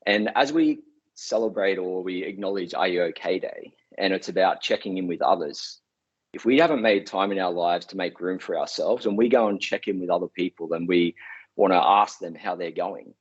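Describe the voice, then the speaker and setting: Man, very deep husky voice, earnest motivational speech, dull lo-fi sound. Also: darkish tone. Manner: earnest, conversational storytelling. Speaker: public speaker. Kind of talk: motivational talk. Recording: dull lo-fi recording.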